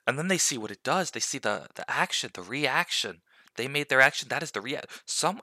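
A young man hosting a podcast, giving his opinions in casual talk and acting out quotes, with a gravelly voice. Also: mid-range voice, fairly quick, dry recording, clean studio sound. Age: young adult. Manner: animated and opinionated, with acted-out quotes. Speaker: podcast host.

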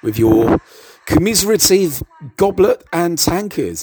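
A man's voice: fairly high pitch, very animated, unhurried, darkish tone, husky. A man giving casual, hesitant commentary over an old TV show, stammering and adding chuckling asides.

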